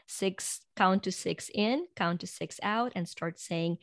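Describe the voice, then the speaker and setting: A woman's voice: medium pitch, dry recording. Earnest woman with a dry, close sound. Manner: earnest, drops soft and slow when guiding breathing; laughs lightly between points. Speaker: guest. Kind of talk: reflective motivational talk.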